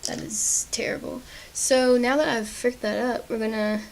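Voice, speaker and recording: A woman's voice: fairly high pitch, fairly even intonation, moderate pace, gravelly, rough recording. A young woman chatting casually through a makeup tutorial at home, apologetic and self-deprecating. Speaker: beauty vlogger.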